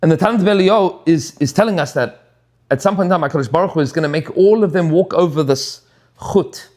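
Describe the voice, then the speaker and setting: Expressive high-voiced rabbi teaching. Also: male voice, brisk. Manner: expressive storytelling, dipping low for asides. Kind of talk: Torah class teaching.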